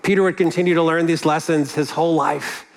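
A man's voice: fairly high pitch, fairly even intonation, fairly quick, vocal fry. A man preaching a sermon in an earnest, conversational way, with casual asides. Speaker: pastor.

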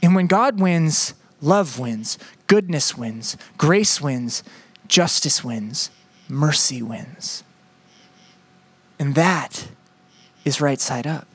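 A man preaching a sermon in a conversational, playful way, moving between quick asides and slow, emphatic phrases. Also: on the high side, expressive, slightly rough, no room sound. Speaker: pastor.

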